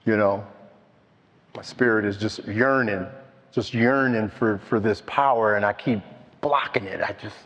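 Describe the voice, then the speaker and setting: Slow, heartfelt older man in an echoey hall. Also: on the low side, fairly bright tone. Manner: slow, halting, heartfelt storytelling. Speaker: recovery meeting speaker. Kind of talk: personal testimony. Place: meeting hall. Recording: dull, with long hall echo.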